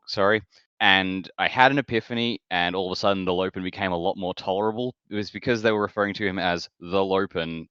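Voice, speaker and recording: A man's voice: fairly low pitch, fairly bright tone, clean tone, dry recording, dull audio. A man co-hosting a podcast, chatting casually in a rambling way that corrects itself as he goes. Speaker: podcast co-host. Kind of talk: casual chat.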